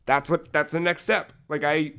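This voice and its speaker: A young man co-hosting a casual podcast, retelling a video game story with lively acted-out dialogue and frequent swearing. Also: fairly high pitch, normal speed, creaky, smooth. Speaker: podcast co-host.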